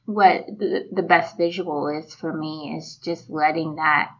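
A woman telling a reflective story in a casual faith conversation, often with soft laughs. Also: low voice, fairly even intonation, measured pace, slight background noise. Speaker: podcast co-host. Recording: muffled lo-fi audio.

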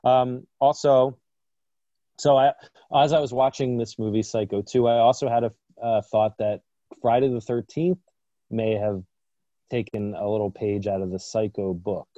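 A man co-hosting a podcast in loose, casual banter, trading jokes with a dry, deadpan delivery. His voice sits in a middle register and sounds dry and close, though the recording is a little dull and muffled. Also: mid-range voice, normal speed, no echo. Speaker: podcast co-host.

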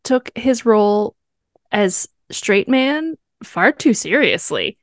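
A woman co-hosting a film review podcast in casual chat, animated and laughing often. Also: mid-range voice, slow pace, dry recording, studio quality.

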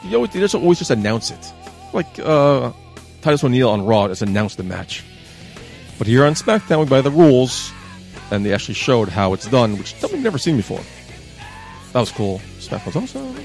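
A man's voice: mid-range voice, a little fast, vocal fry, pauses often, soft background music. Chatty sarcastic male podcast host. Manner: chatty and sarcastic, lively asides. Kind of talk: casual wrestling talk show chat.

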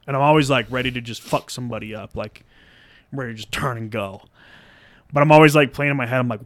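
A man's voice: medium pitch, quick pace, a bit bright, no echo. A man co-hosting a casual podcast, rambling through profane anecdotes and acting out what people said. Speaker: podcast co-host.

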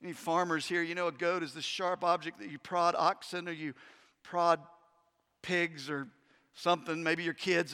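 A man preaching a sermon as pastor, emphatic, swinging between urgent loud stretches and hushed, intense ones, with conversational asides to the congregation. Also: high voice, fairly even intonation, moderate pace, smooth. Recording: long hall reverb.

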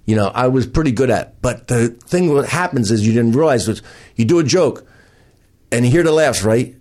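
An older man, a stand-up comedian, telling animated stories in a casual interview. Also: medium pitch. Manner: animated, rapid anecdotes with laughs. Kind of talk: casual storytelling.

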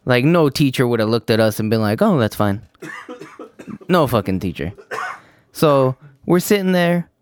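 Animated young man telling stories. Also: mid-range voice, moderate pace, long pauses, smooth. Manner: profane, animated, lots of fillers. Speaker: podcast co-host. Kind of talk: casual storytelling chat.

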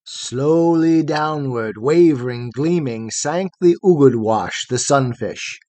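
A man narrating a long poem in a measured, rhythmic recitation. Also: mid-range voice, darkish tone, no room sound. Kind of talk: scripted poetry reading.

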